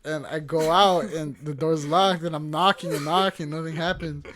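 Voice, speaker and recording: A man's voice: a little high, steady tone, moderate pace, fairly bright tone, slight background noise. A young man casually telling stories with friends, swearing freely and acting out what others said. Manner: laid-back storytelling, swears freely, acts out quotes. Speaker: podcast co-host. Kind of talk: casual chat.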